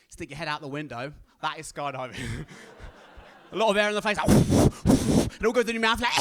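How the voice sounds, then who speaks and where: A young man from Britain telling a stand-up story on stage, animated and acting out the other people's voices. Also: on the high side. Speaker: stand-up comedian.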